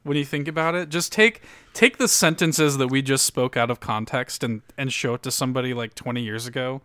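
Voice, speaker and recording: A man's voice: mid-range voice, brisk, fairly bright tone, smooth, no echo. A man hosting a casual podcast, reading an article aloud with lots of laughter and loose, profane storytelling. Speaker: podcast host.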